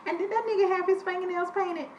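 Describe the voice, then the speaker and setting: A woman giving a blunt, profane, animated casual review of a reality TV episode. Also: extremely high pitch, fast talker, dull audio, slight background noise. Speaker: TV show reviewer. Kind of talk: casual chat. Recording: echoey room with faint ambience.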